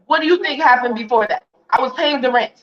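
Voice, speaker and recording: Woman ranting defiant on a video call, kinda high voice, muffled lo-fi sound. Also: a crowd in the background. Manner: defiant, indignant, rapid rhetorical questions. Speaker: interview guest. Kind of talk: heated livestream interview. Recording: muffled lo-fi stream audio.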